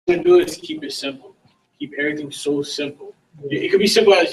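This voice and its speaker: A man giving a casual sales training talk, relaxed and slangy, acting out sample conversations. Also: fairly high pitch, fast talker. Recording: voice from some distance from the mic.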